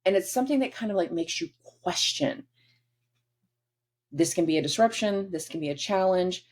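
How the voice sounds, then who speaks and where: A woman's voice: fairly low pitch, animated, moderate pace, darkish tone. A woman hosting a casual astrology forecast, chatty and acting out quoted dialogue in different voices.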